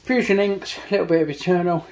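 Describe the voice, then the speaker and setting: A man's voice: high-pitched, fairly even intonation, quick pace, a little mellow. A man in his fifties who builds custom motorcycles and tattoos, giving casual, blunt commentary on his work in a workshop and swearing freely.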